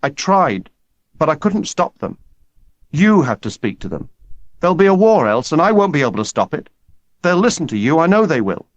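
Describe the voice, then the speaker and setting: A man's voice: fairly high pitch, very animated, moderate pace, no room sound, muffled recording, pitched above the performer's own voice. A man reading an audiobook, voicing a boisterous schoolboy leader who rallies and then pleads with a crowd. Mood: pleading. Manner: loud, urgent, pleading.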